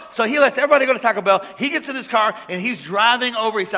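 A man preaching a sermon, telling a made-up parable and acting out the characters with lively energy. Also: sits high, rapid-fire, few pauses. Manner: animated storytelling, acting out characters. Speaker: pastor. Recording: long hall reverb.

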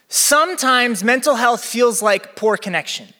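A young man preaching a sermon as campus pastor, chatty and energetic with a live crowd. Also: extremely high pitch, moderate pace, hardly any pauses. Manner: energetic, chatty, acts out quotes. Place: church venue with balcony. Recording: long hall reverb.

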